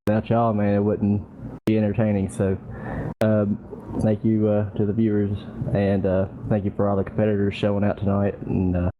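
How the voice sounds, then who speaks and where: Low-key man with a dark flat voice. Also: phone-quality sound, background noise. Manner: casual, halting with many fillers. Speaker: driver. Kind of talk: post-race interview.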